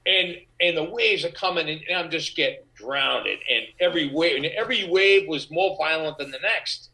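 A middle-aged man tells stories from his acting work with lively energy, slipping into other people's voices as he goes. His voice is bright and forward, sitting a little high for a man. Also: moderate pace, poor audio. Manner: animated, acts out quoted voices. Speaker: actor guest. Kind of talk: anecdotal storytelling.

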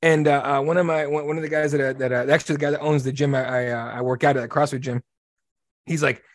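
A fast-talking man with a slightly high voice, ranting bluntly and cursing freely. The sound is dry and close, with no room around it. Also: flat delivery, no echo. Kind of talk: casual podcast chat.

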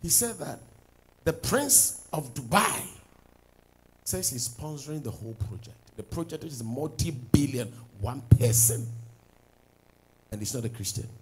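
A man preaching a sermon as pastor, swinging from loud declarations to low asides. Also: animated, measured pace, long pauses, a little hiss or hum, rough recording.

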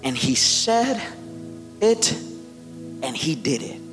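A man preaching a sermon in a church, building from conversational storytelling to loud, shouted emphasis, acting out quotes along the way. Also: high voice, big pitch swings, takes it slowly, in a large hall, over music. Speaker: pastor. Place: church sanctuary.

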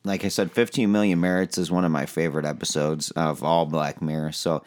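A man with a very low voice co-hosts a podcast. He talks in a hesitant way, with frequent fillers and restarts, in relaxed chat. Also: a little fast. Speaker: podcast co-host. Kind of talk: casual chat.

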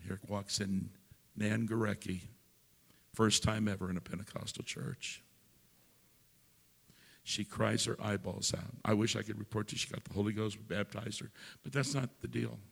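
An older man, a pastor, telling a story during a sermon in a folksy way, building into loud preaching. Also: fairly low pitch, steady tone, normal speed, gravelly, husky, long reverb tail.

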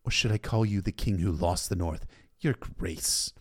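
A man's voice: deep voice, normal speed, husky, no echo, clean studio sound. A man voicing a defiant older lord who speaks harshly and mockingly.

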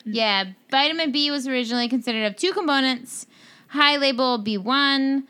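A woman co-hosting a laid-back podcast, talking in a loose, rambling way full of fillers. Her voice sits a little high and has a bright, forward edge. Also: moderate pace, clear, resonant tone. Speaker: podcast co-host. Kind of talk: casual chat.

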